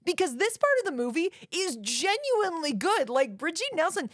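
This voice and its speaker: A woman's voice: very high voice, big pitch swings, normal speed, hardly any pauses, a bit bright, no echo, studio quality. A woman co-hosting a podcast, chatting casually and emphatically about a movie, often saying "like". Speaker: podcast co-host. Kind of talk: casual movie review chat.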